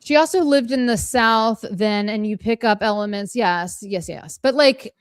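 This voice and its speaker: A woman's voice: mid-range voice, normal speed, clear, resonant tone, no room sound, studio quality. A woman co-hosting a live fan stream, gushing and chatty, laughing often between points. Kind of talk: casual live-stream chat.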